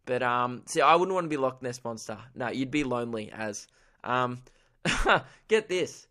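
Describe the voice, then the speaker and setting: A man's voice: mid-range voice, lively intonation, unhurried, bright, forceful tone. A young man hosting a solo comedy podcast, rambling in a goofy, self-mocking way and laughing at his own jokes. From Australia. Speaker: podcast host.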